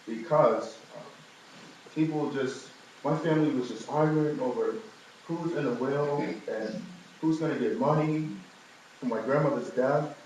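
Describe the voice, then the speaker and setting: A man's voice: muffled recording, a little hiss or hum. Man telling a story in an echoey hall. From New York. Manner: storytelling, humorous asides, animated rises in pitch. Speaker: speaker giving a testimony. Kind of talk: personal testimony to a live audience. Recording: very echoey room, from far off.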